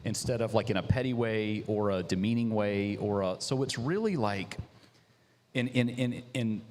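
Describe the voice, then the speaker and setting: A young man, a coffee business founder, telling his story in a casual interview, animated and slangy, acting out what people said. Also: lowish voice, normal speed. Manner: animated, slangy, acts out quotes. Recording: reverberant hall.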